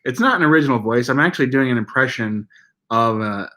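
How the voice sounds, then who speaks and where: A man's voice: medium pitch, animated, fast, pushed and bright. A man co-hosting a casual livestream chat. He rambles in a self-deprecating way and often restarts his sentences. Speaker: livestream co-host.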